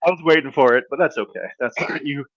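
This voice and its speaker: A man's voice: medium pitch, lively intonation, fast, no echo, muffled recording. A man co-hosting a podcast, chatting in easygoing, upbeat banter. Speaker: podcast co-host. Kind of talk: casual chat.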